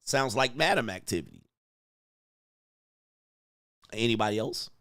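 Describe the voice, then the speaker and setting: A man's voice: lowish voice, animated, quick pace. A man hosting a reaction commentary, talking in a blunt, mocking and exclaiming way. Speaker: host.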